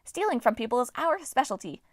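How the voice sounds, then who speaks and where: A woman's voice: fairly high pitch, sing-song, fairly quick, dry recording, studio quality, voice pushed up. A woman voicing a tearful little male dwarf trickster who stammers and begs. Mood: whiny. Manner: stammering, pleading.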